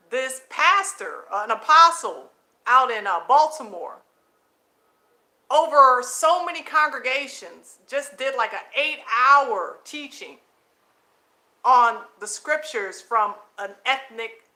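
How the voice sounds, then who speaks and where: A high-voiced woman with a bright, forceful tone preaches to her viewers from home at night. She calls them family, repeats phrases for emphasis and laughs often between points. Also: lively intonation, slow pace. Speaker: host of her own channel. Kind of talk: casual preaching monologue to viewers. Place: home at night, children nearby.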